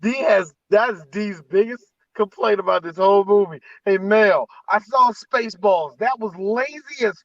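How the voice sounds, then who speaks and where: A man co-hosting a podcast, chatting loosely about a movie, animated and profane. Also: sits high, unhurried, few pauses, dry recording, muffled recording. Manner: animated, profane, jumps into impressions. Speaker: podcast co-host. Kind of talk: casual movie review chat.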